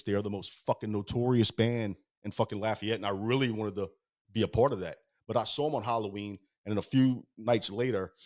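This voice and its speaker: This is a rapid-fire man with a lowish voice, recorded in a podcast studio. He tumbles from one band anecdote to the next, peppering every sentence with swears. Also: darkish tone. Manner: fast-talking, heavy swearing, rambling anecdotes. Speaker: guest musician. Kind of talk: casual storytelling.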